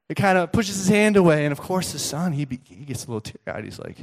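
Animated conversational male pastor. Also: fairly high pitch, quick pace, few pauses. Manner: conversational, animated storytelling with many restarts. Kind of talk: sermon.

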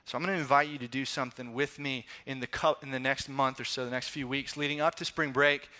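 A young man giving a sermon as pastor, telling stories in a casual, animated way and acting out quotes. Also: medium pitch, fast. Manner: conversational, animated storytelling with acted-out quotes.

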